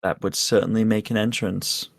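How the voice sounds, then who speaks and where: A player in a tabletop game, talking in a relaxed way. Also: mid-range voice, normal speed, creaky. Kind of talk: casual tabletop play.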